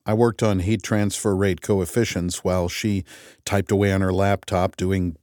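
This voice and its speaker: A man's voice: low voice, level tone, moderate pace, darkish tone, no room sound, clean studio sound. A man reading a first-person audiobook in a wry, conversational manner. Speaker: audiobook narrator.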